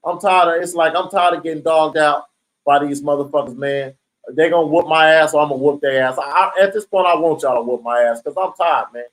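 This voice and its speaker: This storyteller's voice sits on the high side and moves a little fast as he describes life in prison. He talks street-style, swears a lot, and keeps asking "right?", all on a low-quality recording.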